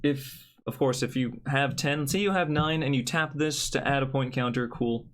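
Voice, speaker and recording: A man's voice: mid-range voice, normal speed. A young man giving a casual, joking card review with blunt opinions.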